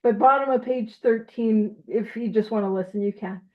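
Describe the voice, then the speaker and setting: A fairly high-voiced woman leads a group study over an online call, reading passages aloud and breaking in with emphatic, joking asides. Her audio is a bit dull and lo-fi. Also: normal speed. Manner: animated and emphatic, jokey asides.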